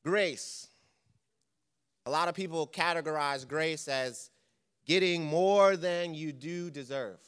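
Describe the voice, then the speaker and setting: A man's voice: fairly high pitch, takes it slowly, pauses often, a bit bright, clear, resonant tone. A man preaching a church lesson, conversational and quizzing the congregation with questions. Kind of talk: sermon.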